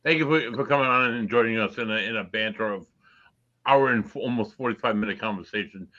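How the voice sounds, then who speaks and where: Podcast cohost guy rambling thru show promos, bright tense voice, muffled lo-fi sound. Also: lowish voice, fast talker. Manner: rambling, many fillers. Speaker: podcast co-host. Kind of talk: casual chat, show promos.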